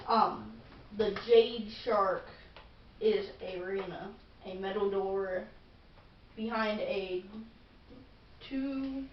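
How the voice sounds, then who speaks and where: A woman's voice: on the high side, a little hiss or hum. A woman playing a tabletop game who stays playful and in character. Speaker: player. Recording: echoey, distant, dull room recording.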